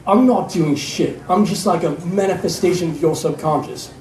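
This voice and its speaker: A man's voice: high-pitched, normal speed, noisy background, lightly acted. A man voicing a gregarious, crude male mercenary sniper with a Rhodesian accent, in a live story reading. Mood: mocking. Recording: echoey room from a distance.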